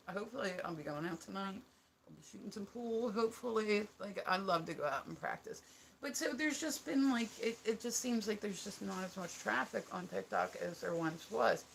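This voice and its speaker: A woman's voice: medium pitch, creaky, fairly bright tone, a little hiss or hum. A woman with a New Jersey accent chatting casually on a livestream, rambling, laughing often and swearing casually. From United States. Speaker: live streamer. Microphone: phone.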